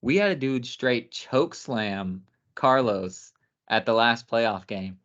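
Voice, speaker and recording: Podcast dude ranting blunt and profane, mid pitch, muffled lo-fi audio. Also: male voice, lively intonation, slow pace, fairly bright tone. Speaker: podcast co-host. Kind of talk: casual chat.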